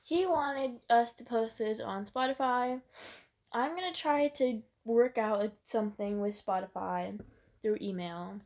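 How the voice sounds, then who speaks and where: A woman's voice: fairly high pitch, unhurried, a little mellow. A teenage girl co-hosting a podcast in rambling, giggly, chaotic casual chat. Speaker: podcast co-host.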